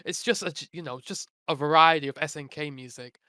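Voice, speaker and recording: A man co-hosting a casual gaming podcast, enthusiastic and speaking in quick bursts. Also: fairly high pitch, pushed and bright. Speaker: podcast co-host.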